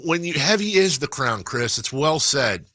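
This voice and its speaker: A man with a slightly high voice hosts sports talk radio at a normal speed, his casual on-air chat animated, rambling, and full of self-interruptions. It's recorded on a studio microphone with studio quality and no room sound.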